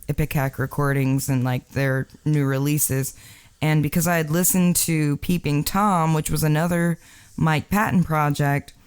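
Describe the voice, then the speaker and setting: Casual podcast co-host from Texas; smooth, clear voice; rambles with lots of "um" and "like". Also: medium pitch. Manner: chatty and rambling, many fillers, laughs often. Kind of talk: casual chat.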